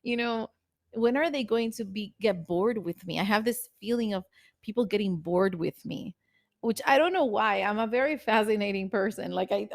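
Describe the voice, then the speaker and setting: A woman co-hosting a podcast in casual chat, lively, often acting out her own inner voice. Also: mid-range voice, dry recording, clean studio sound. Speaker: podcast co-host.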